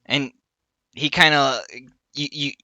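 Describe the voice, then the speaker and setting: A man's voice: fairly high pitch, fairly even intonation, slow, sharp tone, no echo, dull audio. A man narrating as game master of a tabletop game, loose and rambling with many fillers.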